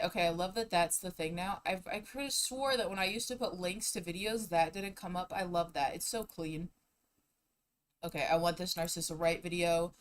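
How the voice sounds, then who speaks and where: A young woman streaming. She chats casually and rambles, sometimes mumbling and sometimes breaking out loudly. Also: on the low side, fairly even intonation, moderate pace, poor audio. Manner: rambling, chatty, swings between mumbling and loud outbursts. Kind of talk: casual live-stream chat.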